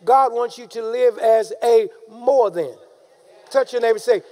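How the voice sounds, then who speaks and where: A man preaching a sermon, calling out to the congregation and rising into shouted emphasis. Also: very high voice, normal speed. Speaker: pastor.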